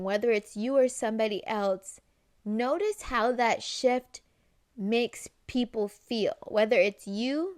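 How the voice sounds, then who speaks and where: A woman giving casual self-help advice straight to camera, chatty, with many "right?" asides and quick acted-out snippets of conversation. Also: fairly high pitch, no echo, clean studio sound.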